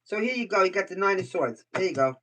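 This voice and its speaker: A woman's voice: medium pitch, expressive, quick pace, a little hiss or hum. Blunt older New woman reading tarot. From Brooklyn, New York. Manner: blunt, chatty, swears freely, thinks aloud. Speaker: tarot reader. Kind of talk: live tarot reading, casual chat. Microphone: computer mic. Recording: voice somewhat far from the mic.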